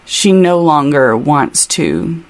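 Woman co-host, giggly and chatty, slightly low voice, casual book talk. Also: lively intonation. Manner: chatty, giggly, quick asides. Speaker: podcast co-host. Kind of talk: casual book-club chat with read-aloud passages.

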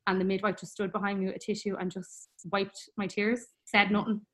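A young woman telling a personal story in a chatty, rambling way, full of fillers and quick laughs. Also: mid-range voice, flat delivery, a bit bright. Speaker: guest.

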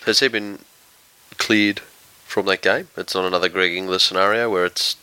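Deep, bright-voiced teasing man. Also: fairly even intonation, moderate pace, smooth, no echo, rough recording. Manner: teasing, crude jokes. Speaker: podcast co-host. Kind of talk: casual sports chat.

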